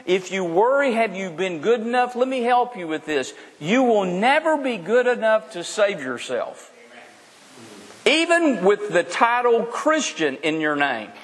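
A male preacher with a high voice that rises and falls widely, delivering his sermon slowly and emphatically. He asks rhetorical questions and keeps repeating his key points. His voice carries a long reverb, as though in a large hall. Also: fairly bright tone. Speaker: pastor.

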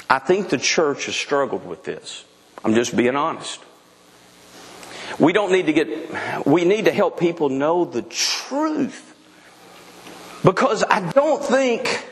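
Male pastor, middle-aged, emphatic frank sermon, slightly high voice, long hall echo. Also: slight background noise. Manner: emphatic, frank preaching with repeated restarts.

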